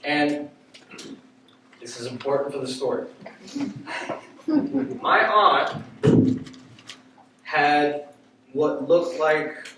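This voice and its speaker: A man telling a story live on stage, animated and often laughing as he speaks. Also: a little high, drawn-out words, pauses often. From United States. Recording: very echoey room, distant mic, faint noise.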